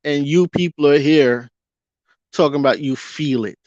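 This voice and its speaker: Man vlogger, slightly high voice, hot-headed rant full of rhetorical questions; dull lo-fi, dry sound. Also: a little mellow, no room sound. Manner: fiery, rhetorical questions, drawn-out emphasis. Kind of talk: ranting commentary monologue.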